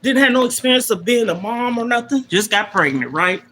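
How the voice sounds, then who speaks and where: A middle-aged woman hosts a livestream, speaking to viewers about her life with strong emotion and emphasis, repeating her main points like a sermon. Her voice runs on the high side, animated, fairly quick and a bit bright, with slight background noise.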